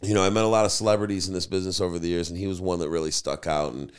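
Podcast host, male, lowish voice, loose rambling storyteller. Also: steady tone, very fast, smooth. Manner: rambling, anecdotal, repeats "you know". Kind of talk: casual storytelling chat.

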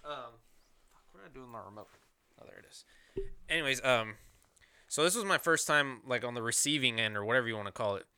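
Young man, crisp bright voice, profane rambling storyteller on a podcast. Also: medium pitch, quick pace, long pauses, no echo. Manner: profane, rambling, animated retelling. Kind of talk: casual storytelling.

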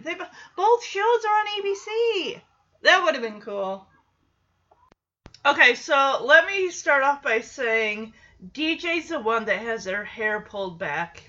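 Slow, bright-voiced woman recapping a show. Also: high voice, animated, highs cut off. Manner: chatty, laughs often, puts on voices for quoted lines. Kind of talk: casual recap commentary.

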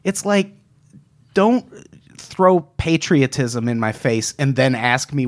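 A man's voice: mid-range voice, expressive, slow. A man co-hosting a podcast in casual chat, opinionated and sarcastic. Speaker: podcast co-host.

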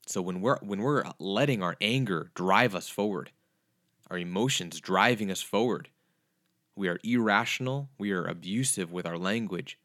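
A man's voice: low voice, moderate pace, fairly bright tone, no echo, studio quality. A young adult man teaching the Bible on a podcast, earnest, with emphatic, repetitive phrasing.

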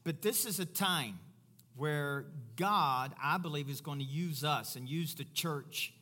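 Man preaching, bright crisp tone, chatty and joking. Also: a little high, a little slow. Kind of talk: church sermon and banter.

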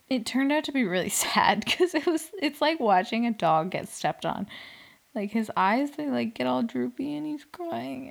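A woman's voice: on the high side, creaky. A young woman in casual chat, recapping a dating show in a chatty, sarcastic way, full of "like" and little laughs. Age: young adult.

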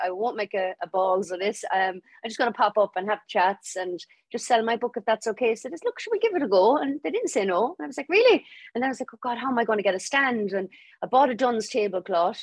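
A young adult Irish woman telling her story as a podcast guest, lively and laughing as she acts out what people said. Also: fairly high pitch, dry recording. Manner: lively, laughing storyteller acting out quoted voices. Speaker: guest author. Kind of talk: storytelling interview.

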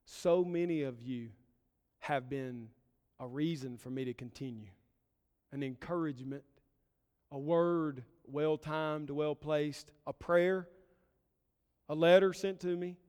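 A man preaches in a slightly high voice, earnest and building his points in short, emphatic phrases. His sermon rings out with the long reverb of a church sanctuary. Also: slow, long pauses, darkish tone, clean tone. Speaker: pastor.

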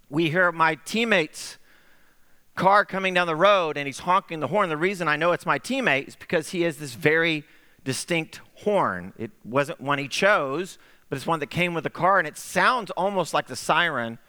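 A middle-aged man preaching a sermon, telling a story in an animated way and acting out the voices he quotes. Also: fairly high pitch, normal speed, smooth. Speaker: pastor. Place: church sanctuary. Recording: echoey sanctuary with long reverb.

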